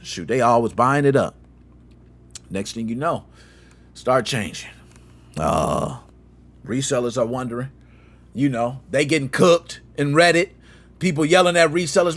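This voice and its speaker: A man hosting a gaming channel, telling a story in slangy, lively commentary and acting out quotes with sound effects. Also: mid-range voice, measured pace, pauses often.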